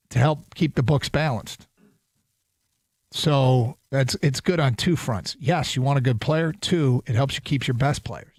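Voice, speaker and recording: A man hosting sports talk radio, reading listener texts and doing live ad reads in an animated way. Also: medium pitch, dry recording. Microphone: studio microphone.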